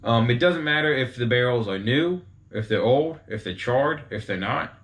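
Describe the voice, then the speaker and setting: A man talking casually to his viewers in a mid-pitched voice. He explains things in a loose, chatty way and keeps turning to the audience with quick asides. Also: lively intonation, fairly bright tone. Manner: chatty, informal, talks straight to viewers with asides. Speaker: host explaining whiskey types.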